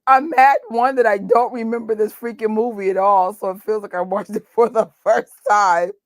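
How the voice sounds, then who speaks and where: A woman's voice: medium pitch, steady tone, normal speed, dry recording, clean studio sound. A woman hosting a live movie watch party, ranting emotionally in outbursts and joking with frequent laughs. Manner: emotional and exclaiming, rants in outbursts. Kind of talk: live movie reaction chat.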